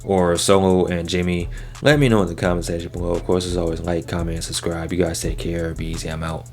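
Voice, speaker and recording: A man with a low, deep voice runs through a wrestling episode in relaxed, slangy commentary. He sounds like a regular channel host chatting to his viewers. Faint music plays behind him. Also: fast talker. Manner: laid-back and slangy, often drops "man" and "yo". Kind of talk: casual recap commentary.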